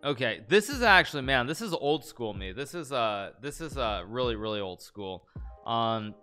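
A man gives casual live-stream commentary. His voice is bright and his pitch moves a lot. He keeps cutting himself off and laughing, and faint music plays behind him. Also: sing-song, moderate pace, clear, resonant tone. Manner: chatty, self-interrupting, laughs often, reads lines aloud in a mock-romantic tone. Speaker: streamer reacting to chess memes.

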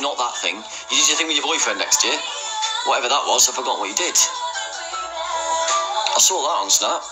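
A man's voice: mid-range voice, animated, brisk, long pauses, rough recording. A man livestreaming in casual chat, greeting viewers by name, teasing and repeating a catchphrase. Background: music playing.

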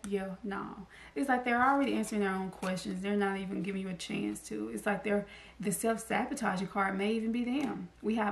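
Chatty woman reading tarot, gravelly. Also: mid-range voice, fairly even intonation, normal speed. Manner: chatty, laughs often, voices the cards' messages. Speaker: tarot card reader. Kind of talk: casual tarot reading to camera. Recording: echoey room, faint noise.

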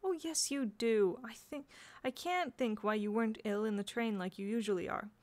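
A woman's voice: a little high, normal speed, lightly acted. Woman reading a mischievous boy, teasing and drawn out, in her own voice. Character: teasing cheeky schoolboy.

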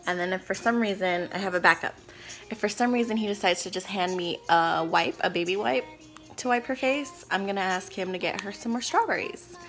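A woman's voice: medium pitch, faint music behind. A woman chatting to camera in a casual vlog, nervous and giggly as she lays out a prank, at times dropping to a whisper. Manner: nervous, giggly, talking fast about a plan; whispering quietly. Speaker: vlogger.

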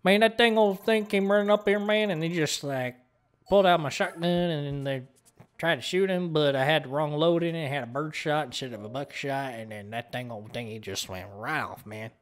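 A man's voice: mid-range voice, brisk, hardly any pauses, fairly bright tone, close to an everyday voice. A man putting on a drawling southern good ol' boy. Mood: boastful. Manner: drawling, rambling tall tale with "man" and "I tell you what".

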